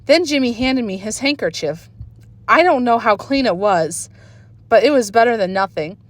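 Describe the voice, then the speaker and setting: A woman's voice: on the high side, moderate pace, no echo. A woman reading a children's book aloud expressively, recorded on a phone. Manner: expressive storytelling. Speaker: reader.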